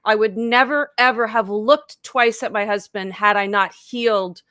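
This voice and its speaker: A woman's voice: medium pitch, steady tone, normal speed, pushed and bright, dry recording, studio quality. A woman in her fifties, a life coach, telling her story in a casual live interview over a video call, talking chattily with lots of "like" and acting out her own past thoughts. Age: 50s.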